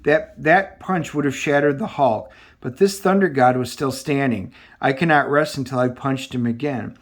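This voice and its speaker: A man's voice: medium pitch, moderate pace, close to an everyday voice. A man reading the lines of a proud, fierce female superhero warrior princess from a comic, sounding boastful and commanding. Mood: determined.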